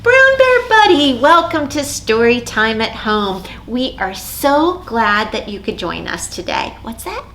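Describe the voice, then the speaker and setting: Animated sing-song librarian woman. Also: a little high, a little hiss or hum. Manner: animated, sing-song, gasping with exaggerated surprise. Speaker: children's librarian. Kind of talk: children's storytime with rhymes and a puppet.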